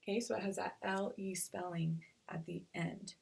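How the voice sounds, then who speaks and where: A woman teacher giving a recorded reading lesson to young children, slowly sounding out syllables. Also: medium pitch, steady tone, gravelly, darkish tone, slightly rough. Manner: slow, stretched-out sounding of syllables.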